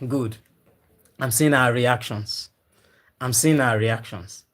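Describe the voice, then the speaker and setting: A man's voice: mid-range voice, measured pace. A man teaching a live online class on fish farming, repeating his key points again and again and talking to viewers typing in the chat. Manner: emphatic, repeats key points many times.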